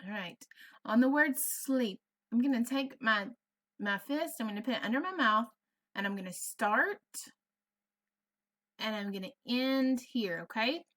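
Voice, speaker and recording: A woman's voice: a little high, animated, a little slow, a bit bright. A woman with a Southern US accent teaching a first grade phonics lesson, stretching and sounding out words for young children. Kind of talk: virtual classroom lesson.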